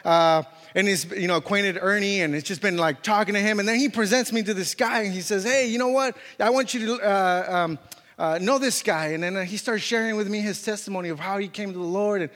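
A man preaches to his congregation, telling a story with lots of fillers and restarts. His voice sits fairly high for a man. The sound rings with a long reverb, as in a church hall. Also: brisk, a bit bright. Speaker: pastor. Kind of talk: sermon.

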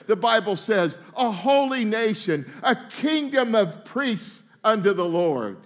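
A pastor preaching a sermon, folksy and humorous, sometimes slipping into quick mock voices of his listeners. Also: sits high, big pitch swings.

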